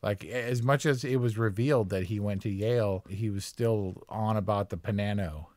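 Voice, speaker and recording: A young man co-hosts a podcast in loose, rambling chat, often poking fun at himself. His voice sits a little low. The recording is dry and close. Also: normal speed, a little mellow, no echo. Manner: rambling, self-deprecating, jokey. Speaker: podcast co-host. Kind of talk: casual chat.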